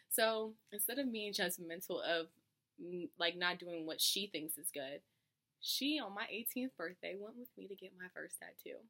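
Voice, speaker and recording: A young woman, a college student, giving a heartfelt award speech with an emotional, earnest manner, often restarting and letting words trail off softly. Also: mid-range voice. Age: young adult.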